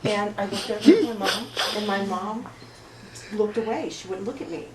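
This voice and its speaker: An actress playing an oversensitive, apologetic woman at a support group, rambling through an improvised monologue in a rough, emotionally raw way. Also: mid-range voice, moderate pace, lightly acted. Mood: wounded. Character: oversensitive, apologetic woman pouring out her woes. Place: roomy studio space. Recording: echoey room, far mic, background noise.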